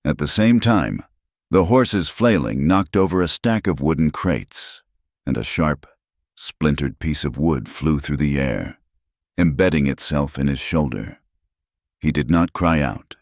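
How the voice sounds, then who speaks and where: Very deep-voiced male storyteller. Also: expressive, unhurried, no room sound, clean studio sound. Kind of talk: scripted dramatic narration.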